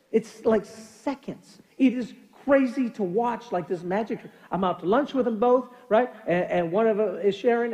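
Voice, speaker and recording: A middle-aged man preaching a sermon as pastor, telling animated family stories and acting out quoted lines. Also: sits high, lo-fi sound. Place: church sanctuary. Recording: long church hall reverb.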